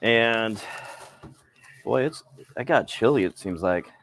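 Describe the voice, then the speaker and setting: A man's voice: on the low side, lively intonation, slow, background noise. A middle-aged man hosting a live cooking stream, rambling casually and greeting viewers by name, a little cold.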